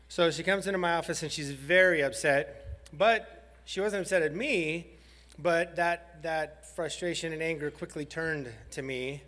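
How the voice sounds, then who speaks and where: A man, a high school principal, giving a heartfelt banquet speech and telling a story with some halting pauses. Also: fairly bright tone. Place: large banquet hall. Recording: hall reverb.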